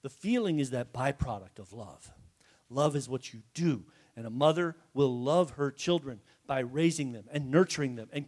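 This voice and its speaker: A man preaching a sermon to his congregation in a folksy, joking way, often asking them questions. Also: high voice. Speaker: pastor. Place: church before a congregation.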